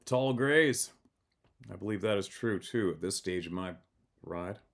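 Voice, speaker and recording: A male podcast host reading listener emails aloud, with relaxed, chatty asides between them. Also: sits low, measured pace.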